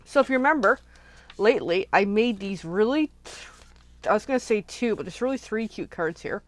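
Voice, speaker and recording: A woman's voice: mid-range voice, lively intonation, moderate pace. A woman hosting a casual live crafting session, chatting and rambling as she thinks aloud while she works at her craft desk. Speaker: craft channel host.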